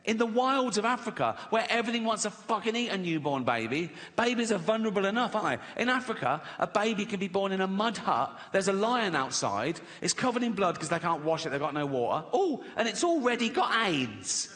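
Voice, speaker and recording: An English man in his sixties, bright-voiced and pitched a little high, working a live crowd with sardonic stand-up. He mocks and slips into little voices for the people in his jokes. The sound rings with long arena reverb over a faint hiss. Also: very animated, a little fast, hardly any pauses. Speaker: stand-up comedian. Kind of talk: stand-up routine.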